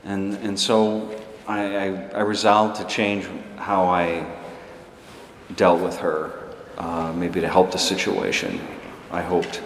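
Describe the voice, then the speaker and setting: A man preaching a sermon as a priest, telling a story in a conversational, halting way with many restarts. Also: sits low, level tone, echoey room, in a large hall, slight background noise.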